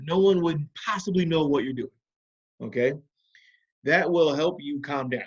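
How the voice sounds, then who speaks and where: A man teaching a video lesson to children, patiently walking them through calming techniques with guiding questions. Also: on the high side, normal speed, husky, dull audio.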